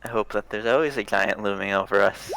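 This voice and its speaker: A man voicing a brash male warrior who boasts of killing giants, in a slow, boastful way, as a player in an online tabletop game. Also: on the low side, gravelly, noisy background.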